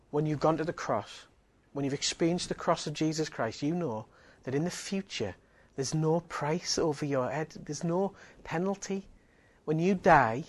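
A man giving a sermon, earnest and emphatic, driving points home with repeated phrases. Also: fairly high pitch. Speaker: preacher.

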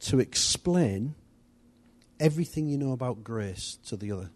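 A man's voice: mid-range voice, lively intonation, normal speed. A man giving an informal, chatty church teaching, rambling a little with restarts and asides. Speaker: church leader.

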